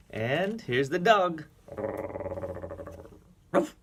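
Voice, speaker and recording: A man reading a children's picture book aloud to a young child as a reading teacher, playful, with animal sounds and soft whispers. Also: a little high, animated, takes it slowly, pauses often.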